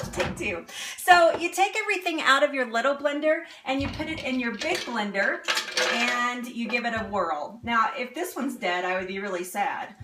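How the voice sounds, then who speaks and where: A woman's voice: fairly high pitch, animated, normal speed, noisy background. Chatty upbeat woman hosting a cooking stream. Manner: chatty and upbeat, laughs often. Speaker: cooking show host. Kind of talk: live cooking demonstration. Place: home kitchen.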